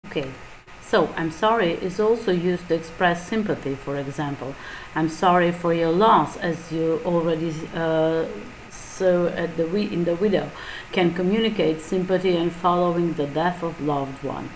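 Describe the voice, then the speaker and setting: Lowish-voiced Macedonian woman teaching English. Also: slight background noise, rough recording. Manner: explains slowly with small restarts and fillers. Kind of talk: online lesson reading examples.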